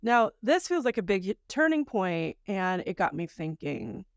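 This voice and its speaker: A woman's voice: medium pitch, sing-song, unhurried, no echo, studio quality. A woman co-hosting a podcast in casual chat, reflective and chatty, laughing often. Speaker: podcast co-host.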